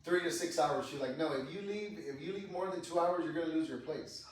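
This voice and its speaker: This podcast guest speaks fairly quickly in a fairly high voice, animatedly retelling a personal story laced with profanity and acted-out dialogue. Slight background noise mixes with the echo of a distant microphone in the room.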